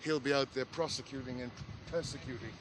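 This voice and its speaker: A man's voice: medium pitch, steady tone, a little fast, poor audio. An older man, a political campaigner chatting and greeting people on the street in a hearty way. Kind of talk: street chat and rally speech. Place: outdoors on busy streets. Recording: loud crowd and traffic noise.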